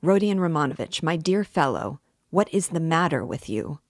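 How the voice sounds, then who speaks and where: A woman's voice: sits low, very animated, normal speed, no echo, studio quality. A woman reading an audiobook voices a chatty, ironical middle-aged male magistrate who fusses and needles. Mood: alarmed. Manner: chatty, mock-solicitous, needling.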